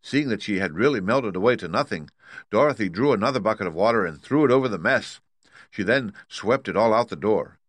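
A man narrating a children's storybook in a steady, even reading. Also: lowish voice, fairly quick, no echo.

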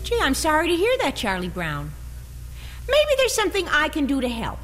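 Shrill and wildly swooping, this is a bossy little know-it-all girl, as a woman plays her on stage. Her voice rings out in a long reverb. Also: huge pitch swings, normal speed, a bit bright, exaggerated voice. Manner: bossy, condescending.

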